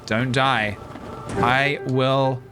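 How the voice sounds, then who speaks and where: Very slow, wry male streamer. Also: mid-range voice, fairly even intonation, music in the background. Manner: deliberate, wry, careful word choice. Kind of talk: live-streamed game commentary.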